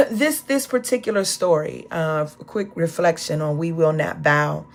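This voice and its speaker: A woman preaching with a lower-pitched voice. Her delivery is impassioned and climbs to high, ringing cries as she draws in her listeners. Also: unhurried, a little hiss or hum. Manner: impassioned, rising to high exclamations; speaks of the Spirit, call-and-response. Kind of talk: sermon.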